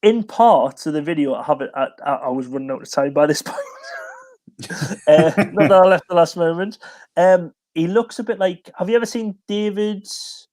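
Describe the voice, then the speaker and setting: Chatty, giggly, high-voiced man. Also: normal speed, a little mellow. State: tired. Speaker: co-host of a music live stream. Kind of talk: casual chat.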